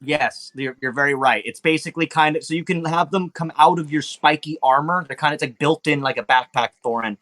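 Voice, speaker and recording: Here the dungeon master's voice is fairly high and sharp, moving quickly with hardly any pauses. He catches his players up on the last game in a relaxed way, full of filler ums and swearing.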